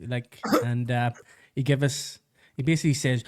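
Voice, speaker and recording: A man's voice: medium pitch, steady tone, normal speed, darkish tone, clean tone. An Irish man co-hosting a podcast, telling stories in casual chat, swearing freely and laughing often. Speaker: podcast co-host.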